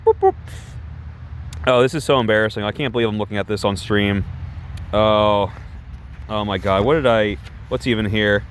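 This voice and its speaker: A man's voice: lowish voice, fairly even intonation, fairly quick, slight background noise. A man streaming live, chatting casually in a rambling, self-conscious way with many restarts. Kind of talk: casual livestream chat.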